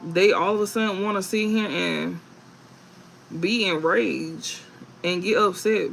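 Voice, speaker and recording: Man, tarot reader on a live stream: high voice with a gravelly edge, blunt, cusses freely, laughs a lot. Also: a little slow, a bit bright, slight background noise, poor audio. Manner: blunt, profane, laughs often; emphatic repetition.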